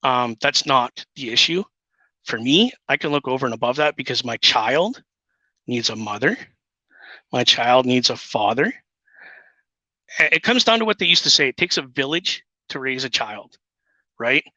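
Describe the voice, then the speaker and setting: A man's voice: medium pitch, bright, forceful tone, no echo. A man talking earnestly and emotionally as a guest father in casual chat. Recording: dull lo-fi sound.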